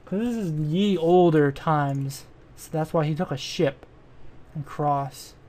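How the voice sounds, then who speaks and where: Man, casual gameplay commentary, rambling, self-deprecating, trailing off, slightly high voice. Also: takes it slowly, dark tone. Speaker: gamer. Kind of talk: casual let's-play commentary.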